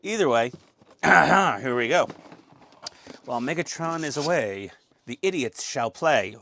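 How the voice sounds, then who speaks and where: A man with a middle-pitched voice hosts a relaxed model-kit build, cracking jokes and rambling as he unpacks parts. He talks into a lapel mic, teasing himself along the way. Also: takes it slowly, pauses often, slight background noise. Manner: jokey, self-mocking, rambling. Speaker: host. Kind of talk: casual hobby build vlog.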